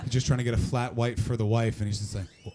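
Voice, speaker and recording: A man's voice: medium pitch, quick pace, background noise. A man doing stand-up comedy in a small club, telling profane stories and teasing the crowd. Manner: brash, profane, animated storytelling. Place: comedy club cellar venue.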